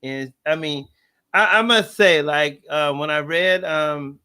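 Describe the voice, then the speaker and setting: A man from Texas hosts a relaxed live interview over a video call. He is talkative and laughs easily, spinning stories with plenty of filler. His voice sits a little high and sounds bright. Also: slow pace, clear, resonant tone. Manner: chatty, laughing, storytelling. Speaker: host.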